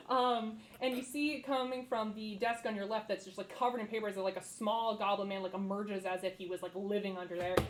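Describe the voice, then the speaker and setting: A woman's voice: mid-range voice, flat delivery, moderate pace, a little hiss or hum, poor audio. A young woman narrating as dungeon master in a casual way, full of fillers and easy laughs. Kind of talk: narrating a tabletop game.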